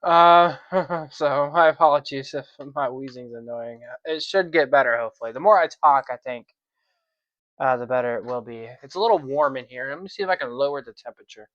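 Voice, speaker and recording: A man's voice: mid-range voice, brisk, dry recording. A man hosting a weather livestream from his room, wheezing as he talks in a chatty, apologetic way. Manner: chatty, self-conscious, apologetic. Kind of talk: casual livestream chat. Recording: dry, dull lo-fi stream audio.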